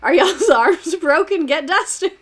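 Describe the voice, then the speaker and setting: A woman mockingly voicing a careless, smug older male president in a breezy, dismissive tone, her voice pushed higher and louder than her usual talk. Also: animated, slow, heavily acted. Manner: breezy, dismissive, mock-cheerful.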